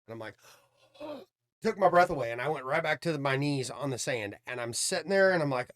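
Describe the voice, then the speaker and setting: A man's voice: medium pitch, brisk. A man casually telling a long story, cursing freely and acting out what people said. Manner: swearing, animated storytelling with quoted dialogue. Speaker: podcast guest storyteller.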